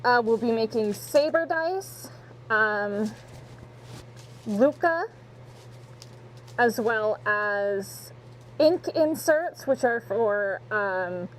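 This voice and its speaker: A woman's voice: on the high side, slight background noise, poor audio. A woman streaming live from home on a wireless mic, chatting casually and playfully, swearing now and then. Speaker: streamer and voice actress. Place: home, in a pouring tent and around the house. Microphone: wireless mic on a receiver.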